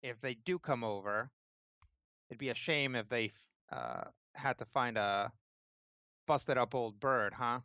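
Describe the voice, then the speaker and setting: A man's voice: mid-range voice, unhurried, bright, forceful tone, no room sound, dull audio. A man voicing a stern woman enforcer with a cold, menacing manner.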